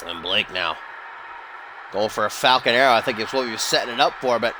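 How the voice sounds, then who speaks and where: A young man doing casual, excitable play-by-play commentary for a wrestling video game, shouting on the close calls. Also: on the low side, brisk, noisy background. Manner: excitable, rises to near-shouting on near-falls; casual asides and swearing between calls.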